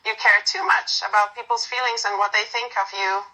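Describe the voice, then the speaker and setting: Girl reading as a soft teasing young woman, fond and gentle, crisp bright tone. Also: medium pitch, fairly even intonation, moderate pace, close to an everyday voice, low-quality recording. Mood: affectionate teasing.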